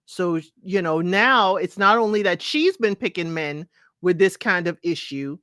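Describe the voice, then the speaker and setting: A woman's voice: lowish voice, a little slow, fairly bright tone, dry recording, clean studio sound. A woman co-hosting a podcast in casual chat, probing with follow-up questions. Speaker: podcast co-host.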